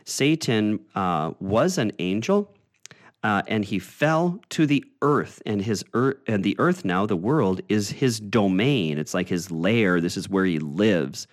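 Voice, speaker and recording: A man leads a Bible study, explaining things conversationally and often pausing on "uh" before restarting phrases. His voice is lowish and animated.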